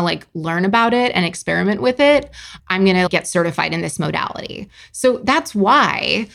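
A woman's voice: medium pitch, gravelly. A woman in her thirties hosting a solo podcast as a coach, talking candidly with profanity and self-mocking asides. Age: 30s. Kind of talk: casual solo podcast monologue.

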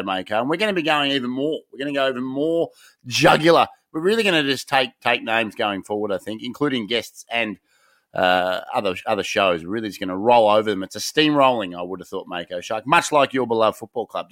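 A man's voice: medium pitch, animated, brisk, a bit bright, no echo, studio quality. A man with an Australian accent co-hosting a podcast, swaggering and rambling in casual banter with lots of restarts. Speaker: podcast co-host.

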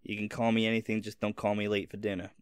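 A man puts on a blunt young woman suspect in a tabletop role-play who snaps sassy put-downs, impatient and hard to rattle. The voice sits a little low, smooth and close in a dry space. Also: completely flat delivery, quick pace, dry recording, lightly acted.

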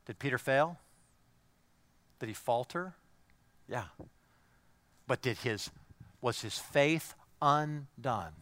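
A man's voice: mid-range voice, expressive, slow, long pauses, fairly bright tone, dry recording. A male pastor preaching a sermon in an emphatic, repetitive style that builds in intensity.

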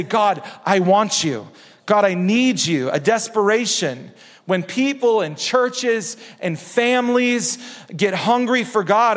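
A man preaching a sermon in a church, impassioned, repeating phrases and dropping low and soft for emphasis. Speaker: pastor. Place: church sanctuary. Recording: long reverb of a church hall.

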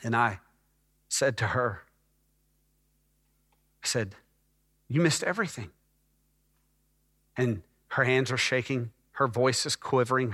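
A man with a medium-pitched voice delivers his personal testimony as a sermon, telling his story in hushed moments that swell into loud, emphatic passages. A long hall reverb carries the sound.

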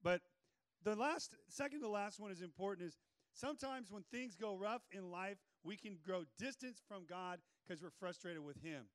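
A male pastor preaching a sermon in an energetic, joking way with playful asides. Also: high voice, moderate pace, no room sound.

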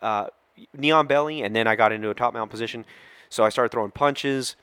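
A man's voice: medium pitch, brisk, smooth, no room sound. A middle-aged man, a police officer, telling a story on a podcast and acting out the quoted lines. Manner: animated storyteller who acts out quoted lines.

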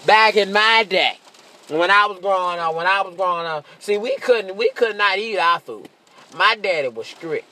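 A man doing a profane stand-up comedy monologue, brash, laughing often and slipping into shrill mocking voices. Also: moderate pace, sharp tone.

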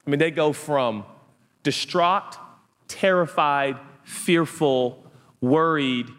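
A man's voice: on the high side, slow pace, fairly bright tone. A man preaching a sermon, telling the story with playful asides and acting out the people in it. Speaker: pastor. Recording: hall reverb.

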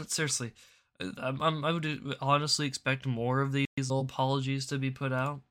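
A man's voice: mid-range voice, flat delivery, fairly quick, fairly bright tone. A man hosting a casual political commentary show, rambling and stammering, often repeating words. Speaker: show host.

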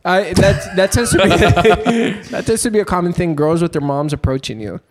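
Teasing young man, quick banter. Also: sits high. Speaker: podcast co-host. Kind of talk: casual chat.

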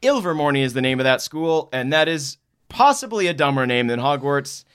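Guy cohosting a comedy podcast, kinda high voice, rambles and laughs a lot. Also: animated, brisk, a bit bright, smooth. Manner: rambling, laughing, self-interrupting. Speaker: podcast co-host. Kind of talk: casual comedic chat.

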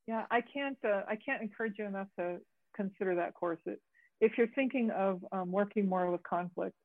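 A woman leads a group session over a video call, explaining ideas in a halting way with many fillers and restarts. The audio is tinny and phone-like, with no room sound at all. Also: mid-range voice, no room sound. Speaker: group facilitator and therapist.

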